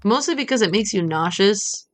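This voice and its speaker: A woman's voice: medium pitch, expressive, normal speed. A woman streaming a farming game, chatting playfully and muttering to herself as she plays. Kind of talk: casual gameplay commentary.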